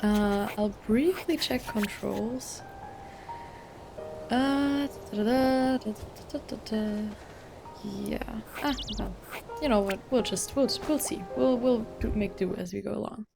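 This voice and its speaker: A young woman with a hoarse, slightly high voice talks through a video game. She rambles excitedly, full of fillers. Game music plays clearly behind her. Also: takes it slowly. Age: young adult. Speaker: gaming channel host. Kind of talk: let's play commentary.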